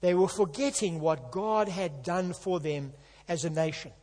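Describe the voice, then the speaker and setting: High-voiced man preaching a sermon. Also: a little slow. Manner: earnest, emphatic, builds to loud passages. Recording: long hall reverb.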